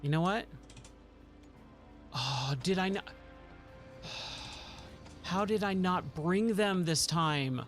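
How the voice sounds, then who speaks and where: A man's voice: high-pitched, drawn-out words, long pauses, fairly bright tone, faint music behind. A man streaming a driving game live, talking through his moves with a self-mocking, exasperated commentary and pleading with the game.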